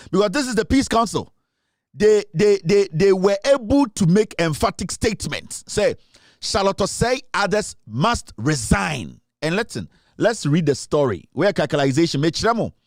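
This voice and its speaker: A Ghanaian man runs his commentary show in a high, lively voice. He presses every point, repeats himself for force and slides between English and Twi. The sound is dry and close. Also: moderate pace, dry recording. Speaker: show host.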